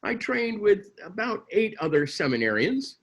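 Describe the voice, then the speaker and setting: A man's voice: high-pitched, big pitch swings, normal speed. A man delivering a sermon as a minister, telling a story with dry humor.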